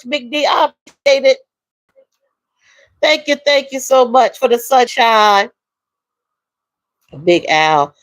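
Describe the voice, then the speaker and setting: A woman's voice: high-pitched, a bit bright, dry recording, poor audio. Emotional woman talking to her livestream. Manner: emotional, reads viewer comments aloud, drawls. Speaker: livestream host. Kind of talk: casual live-stream chat.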